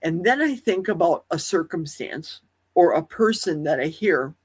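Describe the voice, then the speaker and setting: A woman hosting a casual livestream chat, with a high, youthful-sounding voice, rambling and asking many rhetorical questions. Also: expressive, normal speed, husky. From Wisconsin. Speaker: livestream host. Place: at home in a forest.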